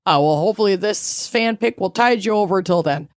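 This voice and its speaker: A woman's voice: mid-range voice, brisk, no echo, clean studio sound. A woman, co-hosting a podcast in playful, rambling casual chat. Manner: chatty, playful, rambling stories. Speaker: podcast co-host.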